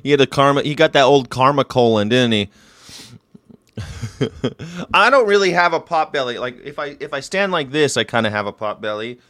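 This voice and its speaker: A middle-aged man ranting sarcastically in a casual monologue, jumping between loud outbursts and low mutters. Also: animated, normal speed, long pauses, no echo, studio quality. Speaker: vegan commentary host.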